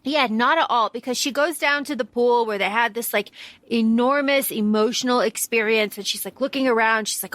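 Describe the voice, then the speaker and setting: A woman's voice: a little high, normal speed, a bit bright, no room sound. A woman co-hosting a podcast, playfully recounting book scenes in casual chat, swearing now and then. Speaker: podcast co-host.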